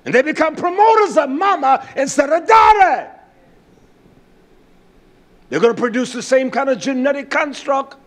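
Man, preacher, sermon, high-pitched, very lively delivery, emphatic. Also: normal speed, pauses often. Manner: emphatic, rising to shouts.

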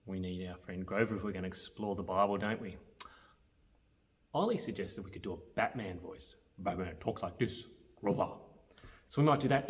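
A man presenting a children's church video, talking in a friendly way straight to the kids watching. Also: on the low side. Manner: friendly, talks directly to children.

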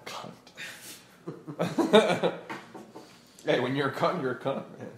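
Male podcast co-host, crude and jokey, animated delivery, roomy sound. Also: fairly high pitch, slow pace, a little hiss or hum. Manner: crude, joking, mimics Scottish voices loudly while laughing. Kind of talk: casual chat.

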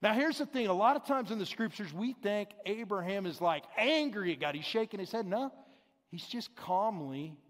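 A pastor preaching a sermon in a conversational, explanatory way, paraphrasing scripture as he goes. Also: sits high. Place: large church sanctuary. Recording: long hall reverb.

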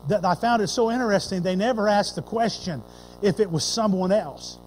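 A man preaching a folksy, animated sermon that swings between loud declaring and hushed storytelling. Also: sits high, a little fast, slight background noise, low-quality recording. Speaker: pastor.

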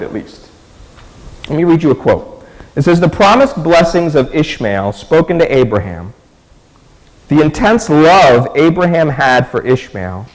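A man's voice: high-pitched, long reverb tail. A man preaching a sermon in a conversational way, often asking his listeners rhetorical questions. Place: church sanctuary.

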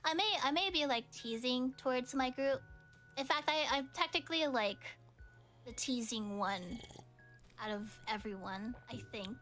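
A woman's voice: sits high, unhurried, a bit bright, faint music behind. A young woman streamer chatting casually, rambling and teasing with frequent giggles.

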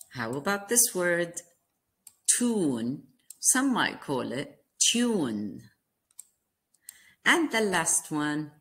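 A woman teaching a phonics lesson to kindergarten children, spelling out words letter by letter and asking them questions. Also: lowish voice. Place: classroom lesson video.

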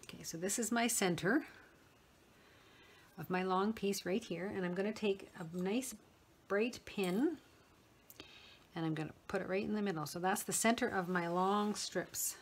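A middle-aged woman explaining a sewing project step by step in a relaxed manner, talking while she works with her hands. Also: medium pitch, normal speed, pauses often, a little hiss or hum. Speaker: sewing tutor. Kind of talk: step-by-step craft tutorial.

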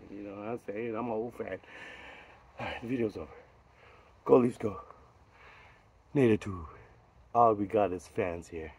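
Brief: rowdy male sports vlogger, gravelly, swinging up and down in pitch, swearing and hyping. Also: muffled recording, slight background noise. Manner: rowdy, profane, hyped, rambling. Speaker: vlog host. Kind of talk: rambling casual outro.

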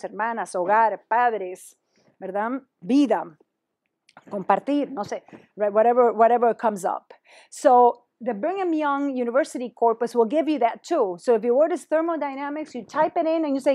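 A woman's voice: fairly high pitch, darkish tone. A woman presenting a teacher-training workshop, talking animatedly and dropping in Spanish phrases.

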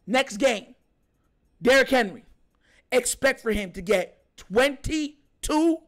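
A young man hosting a sports reaction show, ranting in an exasperated, emphatic way with lots of repetition. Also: extremely high pitch. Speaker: sports commentary host.

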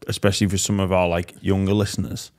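Deep-voiced podcast host. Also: male voice, flat delivery, a little mellow. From Australia. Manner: short encouraging "mm" and "yeah" backchannels, halting questions. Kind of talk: casual interview.

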